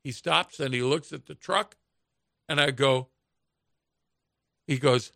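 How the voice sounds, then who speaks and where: A raised, gravelly male voice with a bright, forceful edge tells folksy stories on a radio show, chuckling as he goes. The sound is dry and close, with no room around it. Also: on the high side, measured pace, pauses often, dry recording. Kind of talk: casual storytelling chat.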